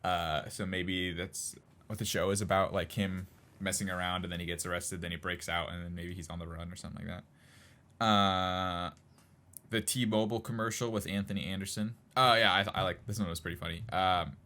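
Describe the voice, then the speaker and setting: A man's voice: deep voice, fairly even intonation, a little fast, bright, forceful tone. A man co-hosting a casual podcast chat, rambling with lots of fillers and frequent laughs. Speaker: podcast co-host.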